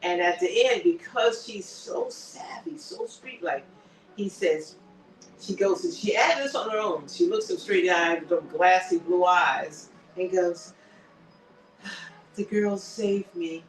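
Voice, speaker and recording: High-voiced man, roomy and distant. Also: unhurried. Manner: animated, dramatic retelling. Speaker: co-host. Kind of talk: casual TV recap chat. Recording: roomy sound from a distant mic.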